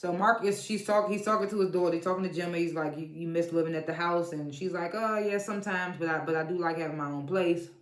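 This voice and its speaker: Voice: medium pitch, fast, hardly any pauses. A TV show reviewer giving a casual episode recap, blunt and profane, laughing often while retelling scenes. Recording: echoey room.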